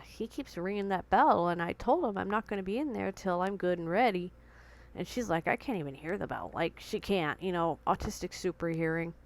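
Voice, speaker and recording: A woman's voice: on the low side, clear, resonant tone, rough recording. A young woman vlogging at home, earnestly retelling a tense confrontation, still shaken with her heart pounding. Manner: earnest, emotional retelling with quoted dialogue. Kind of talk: personal storytelling vlog.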